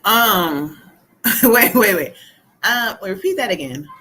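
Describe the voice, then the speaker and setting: Bright-voiced woman giving a live tarot reading. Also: mid-range voice, animated, takes it slowly, husky, low-quality recording. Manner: chatty, laughs often, relays spirit messages. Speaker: psychic reader.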